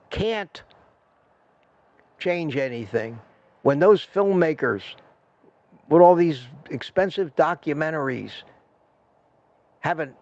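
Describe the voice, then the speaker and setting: An older man holds forth on his own live stream, ranting freely and running himself down while thanking his viewers one by one. His voice sits a little high for a man. The stream audio sounds dull and lo-fi. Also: darkish tone, no echo. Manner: ranting, self-deprecating, thanks viewers by name. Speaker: livestream host. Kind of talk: rambling live-stream rant and chat.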